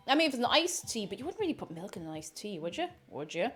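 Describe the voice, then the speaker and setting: A woman's voice: mid-range voice, big pitch swings, fast talker, fairly bright tone. A young woman chatting casually on a live stream, reading chat aloud and talking with her mouth full. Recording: faint music behind.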